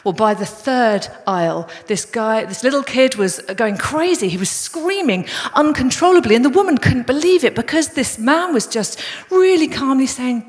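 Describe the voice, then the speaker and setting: A woman's voice: high voice, animated, moderate pace, few pauses. Woman preaching in an echoing church hall. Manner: conversational, storytelling, addresses the congregation as guys. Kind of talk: sermon. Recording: long reverb of a church hall.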